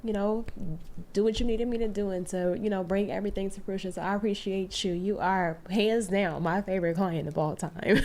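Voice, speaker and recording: A woman hosts a podcast in a relaxed, conversational way. She is effusive and affectionate with her guest, and her voice sits at an ordinary middle pitch. A faint hiss runs under the recording. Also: a little fast. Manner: warm, effusive and chatty, calling her guest "girl" and "honey". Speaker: podcast host. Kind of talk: casual interview chat.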